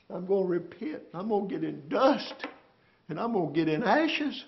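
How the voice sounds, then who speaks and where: A male preacher delivers a sermon in a somewhat high voice, rising to loud, stretched-out cries and then falling to near-whispers. He speaks straight to his congregation, and the recording sounds dull and lo-fi. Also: big pitch swings, moderate pace, vocal fry. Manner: swings from shouting to near-whisper, calls out to the congregation.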